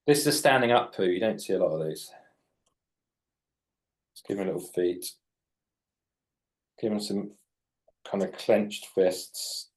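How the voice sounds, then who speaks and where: His voice is low and unhurried, broken by long pauses. The speaker, a children's author in his late 40s, chats and jokes while drawing live for kids and explains what he's doing.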